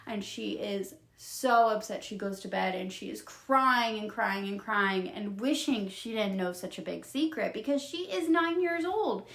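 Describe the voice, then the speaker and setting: Expressive young woman retelling a story. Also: mid-range voice, a little slow, vocal fry, hardly any pauses, reverberant. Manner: expressive, emotional, laughs often. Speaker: video creator retelling books. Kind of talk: casual storytelling recap.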